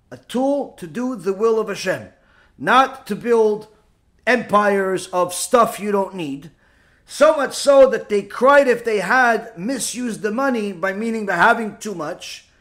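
A man's voice: high voice, a bit bright. A man teaching a Torah class, explaining a Talmud passage with rhetorical questions and repeated key phrases, mixing Hebrew terms into his English.

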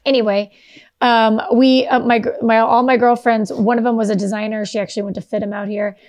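Woman, podcast co-host, rambling casual chat, fairly high pitch. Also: little pitch movement, fairly quick, a little mellow. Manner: rambling, trailing off mid-sentence.

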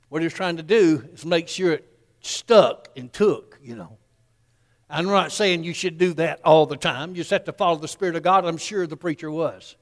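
A man's voice: on the high side, normal speed, big-room sound. A man, preaching a sermon in a folksy storytelling way and acting out the people in his story.

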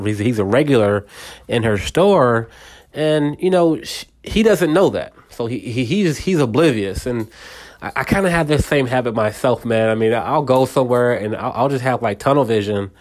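A man hosting a casual solo podcast, retelling a movie scene in a rambling way with many repeats. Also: lowish voice. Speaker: podcast host.

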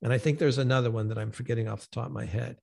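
A man hosting a podcast who explains his points in a measured, gently emphatic way. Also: medium pitch, fairly even intonation, vocal fry. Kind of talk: conversational teaching.

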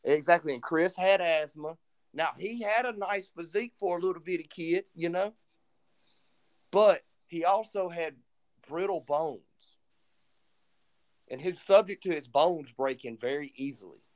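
Casting: male podcast co-host, slightly higher voice, lively storyteller. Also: a little slow. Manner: animated retelling, acts out quoted dialogue. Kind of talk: casual storytelling chat.

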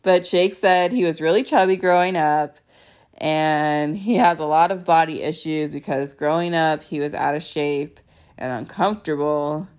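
A woman's voice: sits low, steady tone, normal speed, darkish tone. A young woman hosting a podcast, recapping a reality show in casual chat, sarcastic and laughing often.

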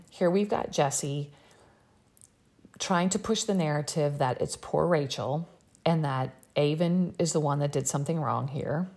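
A woman giving a casual recap of a reality TV episode, animated and exasperated. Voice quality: low, creaky and husky. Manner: animated, exasperated, quotes people in raised voice.

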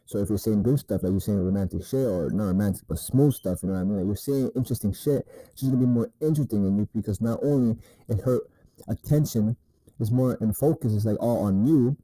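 Man, very mellow dark tone, lowish voice, rambling casual advice, profane and laid-back. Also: fast talker, no room sound, poor audio. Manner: laid-back, profane, rambling, repeats "you know what I mean". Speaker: dating advice vlogger. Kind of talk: casual dating-advice monologue.

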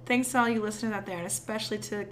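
A young adult woman co-hosting a casual podcast, recapping with quick acted-out quotes and frequent laughter. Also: medium pitch, fairly even intonation, fairly bright tone, a little hiss or hum. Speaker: podcast co-host. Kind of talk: casual chat.

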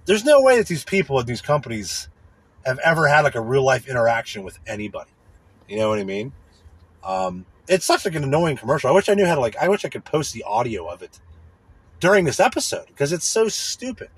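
A man's voice: mid-range voice, sing-song, a little fast, husky, no echo. A man hosting a podcast, ranting in a profane, rambling way, often asking "you know what I mean.". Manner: profane, rambling, irritated complaining. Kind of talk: casual rant.

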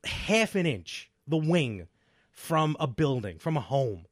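A man co-hosting a podcast in casual chat, telling stories with lively energy and frequent laughs. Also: fairly high pitch, slow, dry recording, clean studio sound. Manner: animated storyteller, laughs often. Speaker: podcast co-host.

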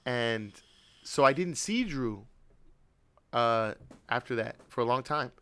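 A man's voice: mid-range voice, animated, slow pace, sharp tone, smooth. A young man and podcast host telling a long, rambling, profane story in casual chat.

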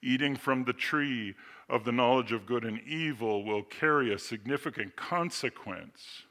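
A man preaching a sermon, explaining scripture with slow readings, asides and rhetorical questions. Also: medium pitch, sharp tone. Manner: expository teaching, reads scripture slowly, asides and rhetorical questions. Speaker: pastor.

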